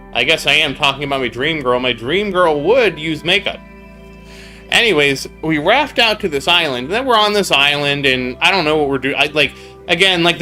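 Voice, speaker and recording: A man's voice: on the high side, sharp tone. A man telling a rambling story on a casual game stream, breaking off to answer viewers in chat. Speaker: gaming streamer.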